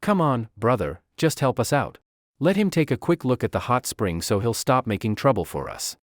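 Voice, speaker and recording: A man voicing a quick-witted servant coaxing a guard in a friendly way. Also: medium pitch, sing-song, dry recording, studio quality, close to an everyday voice. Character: quick-witted smooth-talking male servant.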